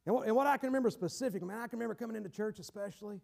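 A man preaching a sermon in a dramatic style, acting out the voices of a guilty sinner and sometimes shouting for emphasis. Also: sits high, very fast, vocal fry, few pauses.

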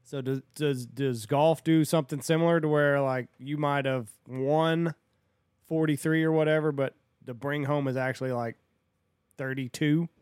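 A man's voice: a little high, fairly even intonation, normal speed, a little mellow, clean tone, dry recording, studio quality. A man co-hosting a podcast, chatting casually with lots of fillers and restarts. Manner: hesitant, filler-heavy. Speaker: podcast co-host. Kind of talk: casual chat.

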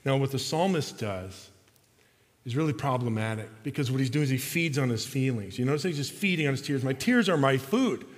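A man preaching a sermon as pastor, swinging between loud emphatic lines and soft, slow, hushed passages. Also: mid-range voice, lively intonation, long reverb tail.

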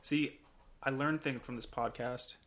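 A man's voice: mid-range voice, fairly even intonation, measured pace, fairly bright tone. A man hosting a podcast in casual chat, curious and joking, asking many questions. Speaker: podcast host.

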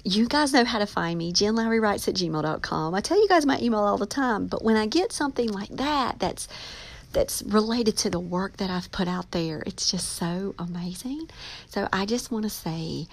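A woman hosting her own podcast, talking in an excited, emotional way with many ums. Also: mid-range voice, moderate pace, gravelly. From North Carolina. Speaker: podcast host, author. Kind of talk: casual excited podcast chat.

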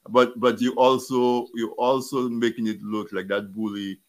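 A man hosting an interview, speaking haltingly and often repeating words and restarting as he frames his questions. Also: medium pitch, flat delivery. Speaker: interview host. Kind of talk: interview talk.

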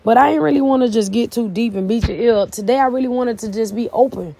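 A woman's voice: fairly high pitch, fast talker, creaky, warm tone, no echo. A middle-aged woman hosting a faith-based podcast, preaching in a fervent, casual way. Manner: preachy, fervent and casual, with plain church phrasing. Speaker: podcast host.

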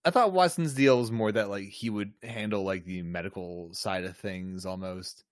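A man co-hosting a podcast, talking in a laid-back way and trailing off softly. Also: lowish voice, normal speed, dry recording, studio quality. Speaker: podcast co-host. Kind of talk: casual chat.

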